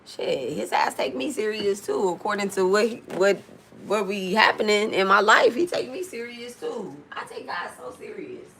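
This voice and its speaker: A woman's voice: mid-range voice, animated, normal speed, a bit bright, a little hiss or hum. A woman from Detroit with a Detroit accent, talking blunt and profane in a casual live stream as a spiritual reader, reading and answering comments. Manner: reads comments aloud and answers them.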